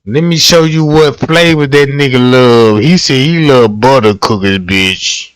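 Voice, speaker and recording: A man's voice: medium pitch, a little slow, smooth, dry recording. A man hosting a livestream, telling comic stories in casual slang, laughing often and acting out the people he quotes. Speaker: livestream host.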